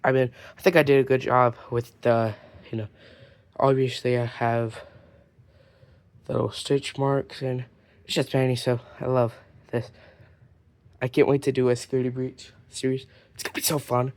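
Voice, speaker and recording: A man's voice: mid-range voice, level tone, normal speed, pauses often, no echo. Rambling man from Ireland, casual. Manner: rambling, filler-heavy, drops into near-whispers at times. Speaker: toy collector vlogger. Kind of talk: casual collection show-and-tell.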